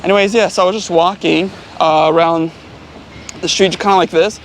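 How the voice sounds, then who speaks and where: A man's voice: high-pitched, fairly even intonation, moderate pace, a little hiss or hum. A man vlogging as he walks along a city street, telling stories casually and rambling with lots of fillers. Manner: rambling, heavy on fillers like "like" and "you know". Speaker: travel vlogger. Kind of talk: casual storytelling. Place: outdoors on a city street, walking.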